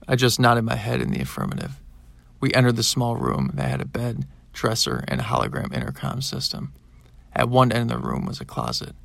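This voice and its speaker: A man narrating a science-fiction audiobook in the first person, in a plain, even storytelling manner. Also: mid-range voice, a little fast, gravelly, no room sound.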